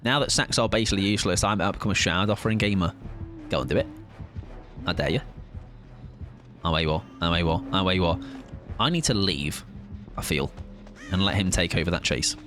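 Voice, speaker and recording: Talking fast but pausing often, this man has a slightly bright voice with faint music behind it. He's a streamer in casual gaming chat, greeting viewers chattily and yelping in high bursts as he plays.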